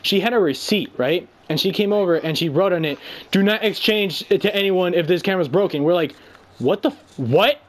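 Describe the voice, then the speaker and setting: A man's voice: sits high, fairly quick. Young man ranting, angry and profane. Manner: angry, profane, rambling storytelling. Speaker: friend venting. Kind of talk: casual rant on a call.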